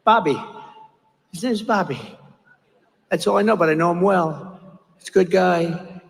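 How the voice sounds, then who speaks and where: An older man with a high-set voice rambles through a campaign rally speech, mocking and repeating himself. His voice rings through the long echo of a large rally venue. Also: a little slow, vocal fry, pauses often, fairly bright tone. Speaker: political candidate.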